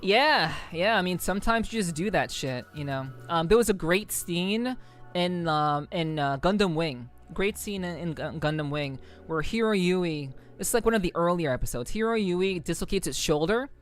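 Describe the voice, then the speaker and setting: A woman's voice: fairly low pitch, expressive, moderate pace, faint music behind. A woman streamer chatting casually with viewers, rambling, swearing freely and laughing often. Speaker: livestreamer. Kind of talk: casual livestream chat with viewers.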